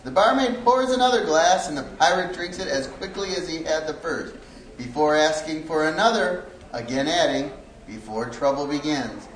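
Guy telling a bar joke, bit high voice, echoey room. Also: animated, moderate pace, slight background noise. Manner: playful storytelling.

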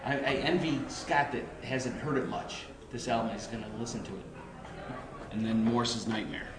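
A man's voice: medium pitch, fairly even intonation, normal speed. Podcast host: rambling self-mocking guy, echoey room, crowd noise behind. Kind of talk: casual chat.

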